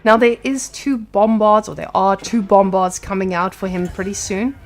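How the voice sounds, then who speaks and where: A woman casting an esports match with energetic play-by-play commentary, quick to hype up big plays. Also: mid-range voice, soft background music. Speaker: esports caster.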